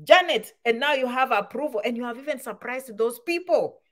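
A woman's voice: a little high, expressive, brisk, fairly bright tone. A woman giving casual advice to camera, full of rhetorical questions and repeated points. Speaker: immigration advice vlogger.

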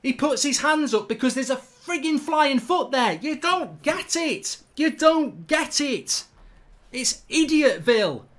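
A man's voice: extremely high pitch, lively intonation, unhurried, fairly bright tone. A man hosting a football fan channel, ranting heatedly and swearing through a live match reaction.

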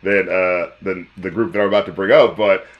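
A man co-hosting a casual music review chat, animated and incredulous, laughing often and swearing. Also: deep voice, fairly quick, dull audio. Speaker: co-host of a music review show.

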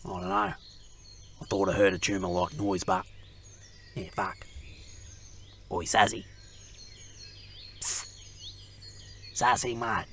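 A man's voice: fairly low pitch, very animated, slow, vocal fry, pauses often, a little hiss or hum, full character voice. A man voicing a paranoid, constantly swearing bogan camper in an adult cartoon. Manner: paranoid, swears constantly, swings from whisper to yelling. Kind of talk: adult animated comedy voice acting.

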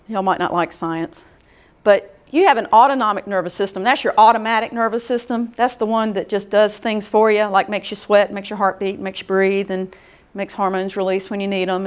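A middle-aged woman giving a casual workshop lecture, folksy and conversational, often checking in with the audience. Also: medium pitch. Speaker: workshop presenter.

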